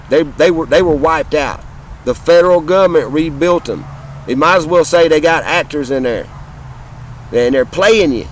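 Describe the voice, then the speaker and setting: A man from the American South with a noticeably high-pitched voice delivers an impassioned, profane rant. He speaks straight to his viewers and drives his points home through repetition. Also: slight background noise, poor audio. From Southern United States. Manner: fiery, profane, repetitive, addresses viewers directly. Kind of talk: impassioned political rant to camera.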